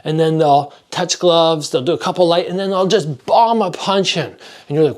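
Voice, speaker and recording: A man's voice: fairly high pitch, moderate pace, a little mellow. A man coaching martial arts training, explaining straight to the camera in a direct, practical way and acting out strikes with sounds. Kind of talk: instructional talk to camera.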